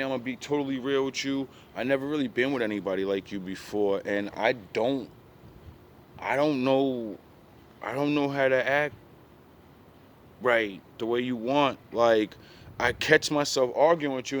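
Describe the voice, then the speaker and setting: A man's voice: medium pitch, fairly bright tone, slight background noise. A young man bluntly retelling a past relationship in profane street slang, casual storytelling.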